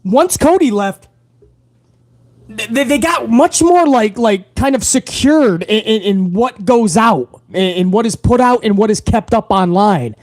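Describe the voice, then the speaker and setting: A brash, foul-mouthed man hosts a live wrestling talk stream, loud and unfiltered as he rants at his viewers. His voice sits unusually high for a man and sounds close and bone-dry. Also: animated, measured pace, dry recording. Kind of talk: profane live-stream rant.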